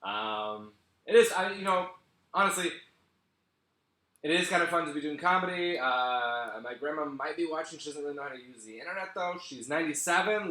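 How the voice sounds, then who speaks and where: A man doing a stand-up set for a live stream, sardonic and deadpan, laughing at his own jokes. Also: mid-range voice, echoey room. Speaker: stand-up comedian.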